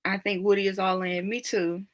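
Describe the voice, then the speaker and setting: A woman's voice: mid-range voice, level tone, normal speed. A young woman hosting a casual live stream, chatting and reacting to viewer comments with frequent laughter.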